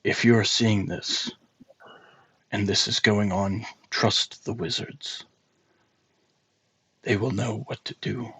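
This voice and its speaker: A man voicing a very old male dwarf record keeper, speaking in a soft elderly voice with a grave, hushed manner. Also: fairly low pitch, steady tone, takes it slowly, pauses often, husky, dry recording, heavily acted, low-quality recording. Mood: solemn.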